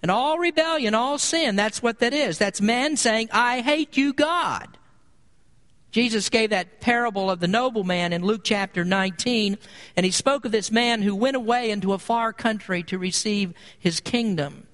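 Guy preaching a sermon, pretty high voice, gets loud and insistent, big echoey church. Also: normal speed. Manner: emphatic, rising to loud peaks on repeated phrases. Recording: long hall reverb.

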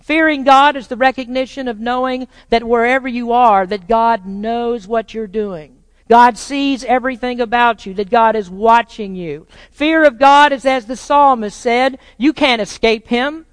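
A pastor preaching to a congregation in a large church hall, the voice trailing into a long reverb. The delivery swings from loud, rising proclamation down to quiet, pointed rhetorical questions. The voice sits at a middle pitch, and the nearby sound of the speech itself stays dry. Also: fairly even intonation, unhurried, clean tone. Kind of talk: sermon.

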